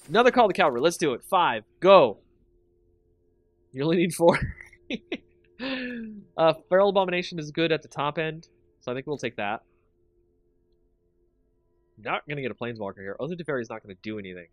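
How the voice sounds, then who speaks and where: A man hosting a stream, commenting casually on his game picks and talking with chat, excitable and quick to laugh. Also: on the high side, dry recording, soft background music. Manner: excitable, chatty, thinks aloud and laughs a lot. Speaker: streamer and channel host.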